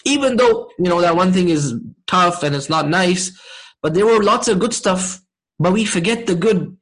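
A man teaching a Quran and Arabic lesson, checking in with his class often and reciting verses quickly. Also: high-pitched, fairly bright tone, low-quality recording. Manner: asks the class frequent check-in questions, many fillers. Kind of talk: interactive online class lesson.

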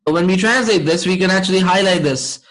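A man teaching a Quran and Arabic lesson, checking in with his class often and reciting verses quickly. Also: high-pitched, fairly bright tone, poor audio. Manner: asks the class frequent check-in questions, many fillers. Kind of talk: interactive online class lesson.

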